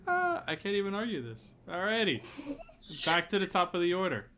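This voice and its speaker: A man acting as game master in a tabletop game, making rules calls in a relaxed, chatty way with plenty of fillers. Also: high-pitched, brisk, a little hiss or hum. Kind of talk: running a tabletop game online.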